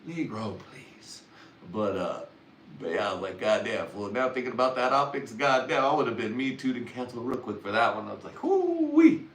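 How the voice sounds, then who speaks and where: A man's voice: medium pitch, fast talker, fairly bright tone, far from the mic, a little hiss or hum. A man talking casually on a livestream, rambling crudely with heavy swearing. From Mexican family. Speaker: livestream host. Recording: roomy sound from away from the mic.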